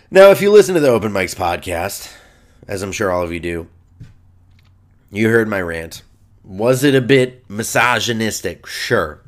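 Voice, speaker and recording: A brash young male comedian and podcast host rambles through a loose, profane monologue. He swings his pitch up and down a lot as he riffs and boasts for laughs. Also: big pitch swings, moderate pace.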